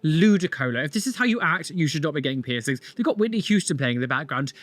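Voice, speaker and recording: A man's voice: fairly high pitch, animated, fast talker, few pauses, dry recording, faint music behind. A British man in his twenties, a piercer reacting to videos with sarcastic, exasperated commentary. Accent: British English. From United Kingdom.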